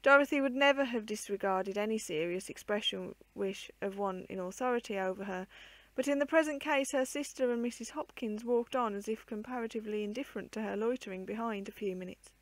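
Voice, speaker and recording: Lady reading an old kids' book out loud, steady and expressive, super dry sound. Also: a little high, brisk, no echo. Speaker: storyteller. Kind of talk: reading a classic children's book aloud.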